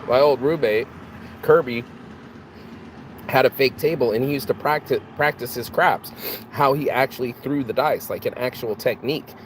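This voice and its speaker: A man delivers a loose motivational monologue at a middle pitch, full of rhetorical questions and restarts. His voice is recorded outdoors, with clear traffic noise behind him. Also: normal speed, low-quality recording. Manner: preachy, rhetorical questions, repeats and restarts words. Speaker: motivational vlogger.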